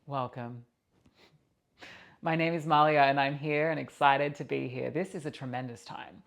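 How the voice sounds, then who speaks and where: A man's voice: medium pitch, steady tone, moderate pace, vocal fry, a bit bright. A man voicing an enthusiastic female Atlantean spirit guide, speaking with a put-on accent in an earnest, expansive, preachy way. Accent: unplaced put-on accent. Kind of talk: channelled spirit message.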